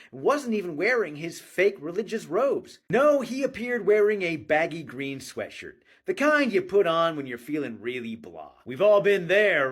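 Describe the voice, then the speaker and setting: Animated sarcastic man with a husky voice. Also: sits high. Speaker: vlogger covering court news. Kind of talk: wry news-update commentary. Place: Scotland.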